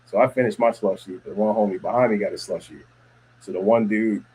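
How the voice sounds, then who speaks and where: A man's voice: fairly low pitch, darkish tone, a little hiss or hum, rough recording. A man hosting a casual podcast chat, telling stories in a rambling way with many fillers and restarts. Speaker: podcast host.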